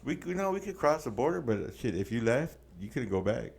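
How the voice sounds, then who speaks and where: A man's voice: medium pitch, very animated, fairly quick, vocal fry, darkish tone. A man co-hosting a casual podcast, telling a long story with plenty of slang and curse words, dropping Spanish words in. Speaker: podcast co-host.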